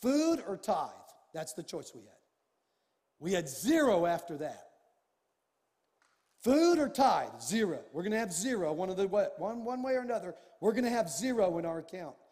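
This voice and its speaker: A man preaching a sermon as a pastor, telling a personal story with animated swings from hushed tones to shouting. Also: high voice, a little fast, in a large hall.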